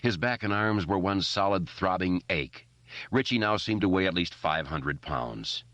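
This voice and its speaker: A man narrates an audiobook in a steady, measured way. His voice is very deep, and the recording is dry and a little dull, with no room sound. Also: no echo. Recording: dry, slightly muffled recording.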